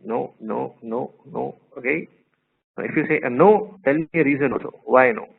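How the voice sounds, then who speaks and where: A man's voice: mid-range voice, moderate pace, creaky, slightly rough. A man teaching a law class online, telling playful stories and quizzing his students. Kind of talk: live online class lecture. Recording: tinny phone-like line, faint noise.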